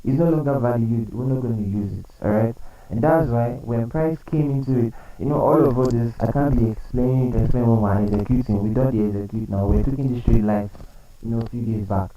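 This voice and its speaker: A man's voice: mid-range voice, fairly even intonation, fairly quick, dark tone, recorded from a distance, poor audio. A man running a live trading lesson, explaining chart setups, repeating key points and quizzing his viewers. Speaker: trading coach.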